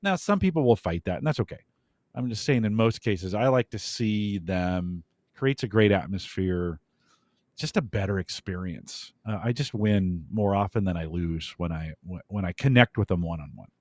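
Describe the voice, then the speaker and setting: A man co-hosting a casual podcast chat, agreeable and telling quick anecdotes. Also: sits low, lively intonation, no echo.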